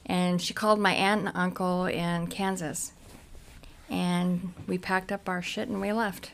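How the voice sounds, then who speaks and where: A woman from Cincinnati, a podcast guest, frankly and haltingly recounting her own past with many restarts. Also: lowish voice, little pitch movement, gravelly, slight background noise. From Cincinnati, United States. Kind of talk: candid personal storytelling.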